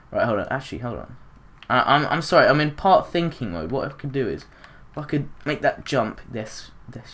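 A young man giving excitable, rambling gameplay commentary, often gasping and giggling. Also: medium pitch. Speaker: gaming YouTuber.

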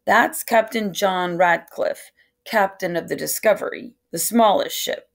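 A woman reading aloud, voicing a calm, steady male reverend who speaks in a measured way. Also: medium pitch, vocal fry. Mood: instructive.

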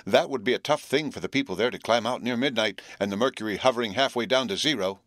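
A man's voice: mid-range voice, quick pace, a bit bright, no room sound, studio quality, lightly acted. A man reading the part of a blunt, matter-of-fact teenage boy.

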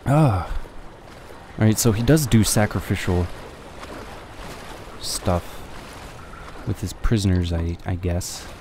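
A man's voice: low voice, animated, slow pace, pauses often, noisy background. A young man casually commenting on a horror game as he plays, swearing and talking to himself. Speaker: let's play gamer.

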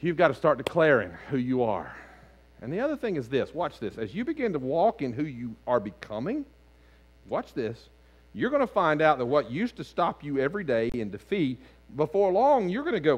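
A man preaching a sermon as lead pastor in a church sanctuary, animated, swinging between loud outbursts and hushed lines. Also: on the high side, normal speed.

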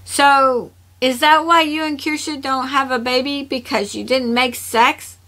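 A woman doing a timid, curious little girl with a small, high, bright voice. She asks her questions in a wondering tone, told as part of a read-aloud story. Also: steady tone, unhurried, full character voice.

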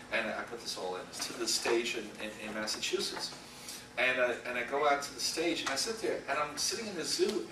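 A man's voice: medium pitch, sharp tone. A middle-aged man giving a casual guest lecture as an animation storyboard artist, rambling through anecdotes, laughing often and acting out quotes. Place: school lecture room. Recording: echoey room, distant mic, faint hiss.

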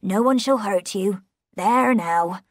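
A woman reading a storybook, voicing a rough but kindly male coachman who speaks in a soothing, steady way. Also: medium pitch, slow, dry recording, clean studio sound.

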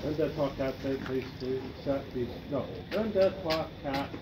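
A man's voice: medium pitch, moderate pace, background noise. A man in casual chat with friends, rambling through corny jokes.

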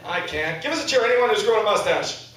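A man in his thirties works a stand-up set in a fairly high voice, wry, self-deprecating and freely profane. He is caught from a distance in a very echoey club, with the audience laughing clearly around him. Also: animated, quick pace, crowd noise. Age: 30s. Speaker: stand-up comedian. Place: comedy club stage, indoors.

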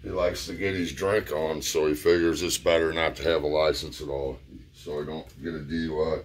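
A man's voice: a bass voice, fairly even intonation, moderate pace. A man telling a personal story in a laid-back, profane, rambling way. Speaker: vlogger. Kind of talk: casual storytelling.

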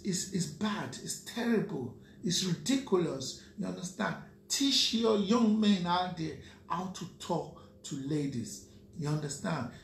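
A man's voice: sits high, vocal fry. A Nigerian man co-hosting a radio talk show, lecturing listeners and often checking that they understand. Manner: lecturing, keeps asking "you understand?". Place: radio studio. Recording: echoey room with faint hum.

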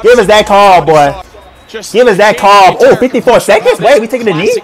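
A man giving an excited live reaction to football highlights, slangy and repetitive, swinging between nervous mutters and hyped yelling. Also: fairly quick, crowd noise. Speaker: fan reacting to game highlights.

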